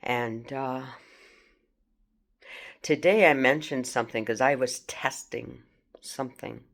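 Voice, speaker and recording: A woman from France, speaking in a halting, rambling personal video monologue and confronting unseen hackers. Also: very deep voice. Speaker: vlogger.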